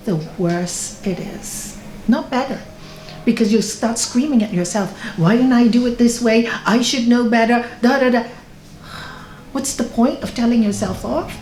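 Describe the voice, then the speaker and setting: A woman teaching a meditation class, lively and laughing often as she quizzes her students. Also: a little high, a little hiss or hum. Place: yoga centre room. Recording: echoey room with faint ambience.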